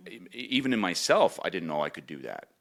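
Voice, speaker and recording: A young man from Newfoundland, co-hosting a podcast, tells a personal story in casual, emotional chat and sometimes jumps high to mimic his mother. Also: very animated, a little fast, fairly bright tone. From Newfoundland, Canada. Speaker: podcast co-host.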